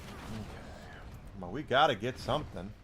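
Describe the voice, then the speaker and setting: A man's voice: lowish voice, lively intonation, moderate pace, background noise. A man live-streaming a game, chatting casually and rambling to his chat between plays. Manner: rambling, chatty, talks to chat while playing.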